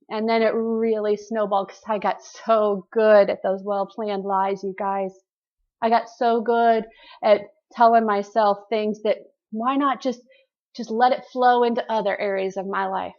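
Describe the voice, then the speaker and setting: A woman's voice: on the high side, lo-fi sound. A woman hosting a group call and giving an earnest, preachy motivational talk straight to her listeners.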